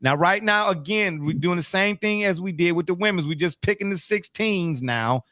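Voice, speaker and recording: A man hosting a casual sports talk livestream, joking and folksy, drawing out words and swinging his pitch widely. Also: moderate pace, pushed and bright, dry recording, clean studio sound. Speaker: show host.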